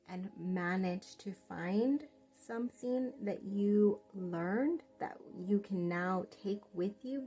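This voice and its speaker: A woman giving a pick-a-card tarot reading straight to the viewer, gentle and reassuring, calling them "love". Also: medium pitch. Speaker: tarot reader.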